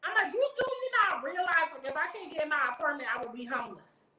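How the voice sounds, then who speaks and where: A woman spins a storytime vlog, brash, profane and animated. Her voice sits high and rings bright and sharp. The sound carries an echoey room with faint ambience underneath. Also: quick pace. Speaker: vlogger. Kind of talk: storytime vlog, casual chat.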